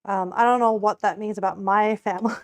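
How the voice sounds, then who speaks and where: A woman's voice: medium pitch, very animated, moderate pace, darkish tone, no echo. A young woman from Australia chatting casually to her viewers as she cooks on a live stream, giggling often and rambling with lots of "like" fillers. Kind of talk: casual chat while cooking on a live stream.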